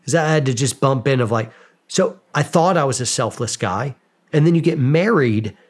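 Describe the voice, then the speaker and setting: A middle-voiced man in his forties talks casually as a guest on an interview show. He tells stories at his own expense, animated and quick, and jumps into the voices of both sides of the conversations he recounts. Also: medium pitch, breathy edge. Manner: animated, self-mocking, acts out quoted exchanges. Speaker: podcast guest.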